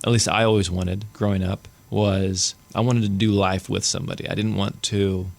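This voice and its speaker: A man hosting a podcast in relaxed, casual chat, joking and laughing often. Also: low-pitched, moderate pace, vocal fry. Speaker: podcast host.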